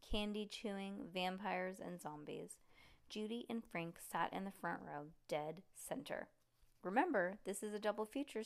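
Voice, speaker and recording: A woman reading a storybook aloud to a child in a lively, expressive way. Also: medium pitch.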